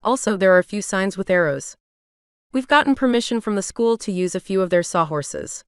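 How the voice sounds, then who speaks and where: A woman's voice: medium pitch, lively intonation, a little fast, clear, resonant tone, no room sound, studio quality, lightly acted. A woman voicing a friendly, cheerful young college man, playful and easygoing.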